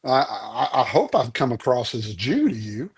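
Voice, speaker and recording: A man's voice: medium pitch, big pitch swings, moderate pace, a loud crowd. A man, a musician guest in a podcast interview, speaking earnestly and telling stories with many restarts. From Oklahoma, US.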